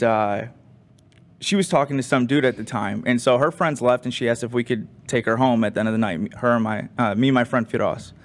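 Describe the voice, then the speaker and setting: Animated young man telling a story. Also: medium pitch. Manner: animated, rambling with many fillers. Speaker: crew member. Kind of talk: casual storytelling.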